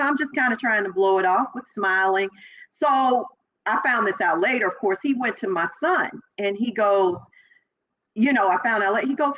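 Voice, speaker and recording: A middle-aged woman from Chicago, a former police officer, telling her story as an interview guest and acting out the voices of people she quotes. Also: moderate pace. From Chicago, Illinois. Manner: animated, acts out quoted voices with big pitch jumps. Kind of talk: personal storytelling in conversation. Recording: slightly dull lo-fi audio.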